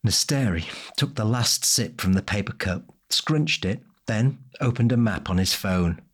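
A man narrating a fantasy audiobook in a measured, descriptive way. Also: on the low side, lively intonation, slightly rough. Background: faint music.

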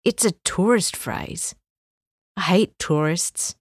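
A woman's voice: lowish voice, takes it slowly, breathy edge, no room sound, clean studio sound. A woman reading an audiobook and voicing a brash, crude older man who talks bluntly, sounds cocky, and swears.

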